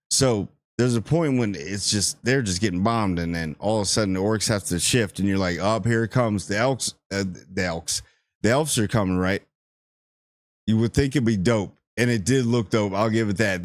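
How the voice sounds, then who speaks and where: Young male host, low-pitched, dry mic, laid-back slangy recap with jokey asides. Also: no echo. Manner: animated, slangy, jokey storytelling with voiced asides. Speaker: show host reviewing a TV episode. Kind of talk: casual spoken review.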